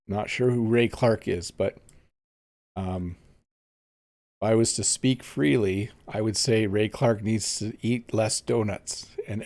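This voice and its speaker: A man's voice: lowish voice, gravelly, a little mellow. A man teaching English on a casual live stream, chatting easily and reading viewer comments aloud while he plays a game. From Canada.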